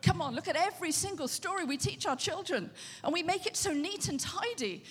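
A woman pastor preaching a sermon in a conversational, animated way, often asking the audience questions. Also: extremely high pitch, brisk, hardly any pauses, in a large hall.

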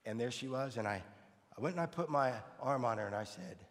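A man's voice: mid-range voice, expressive, a little fast, a bit bright, big-room sound. An older man, a pastor, telling a personal story in an earnest, conversational way. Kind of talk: storytelling sermon.

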